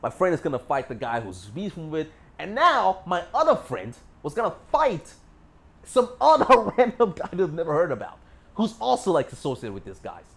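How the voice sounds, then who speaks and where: A man's voice: a little high, huge pitch swings, moderate pace, gravelly. A young man telling a story casually, boastful and full of swearing, rambling with fillers. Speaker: vlogger.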